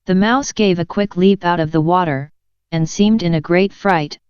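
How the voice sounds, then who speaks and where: A woman narrating a children's audiobook in a gentle, measured storytelling manner. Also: lowish voice, clean tone, no room sound. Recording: dull lo-fi dry recording.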